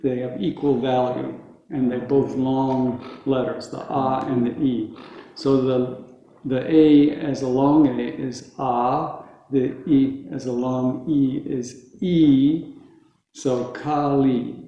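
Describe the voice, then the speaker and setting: A man teaching a group how to pronounce words, slowly and patiently, repeating each word for them to echo back. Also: medium pitch, steady tone, mellow, lo-fi sound. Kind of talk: teaching Sanskrit pronunciation to a group. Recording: very echoey room.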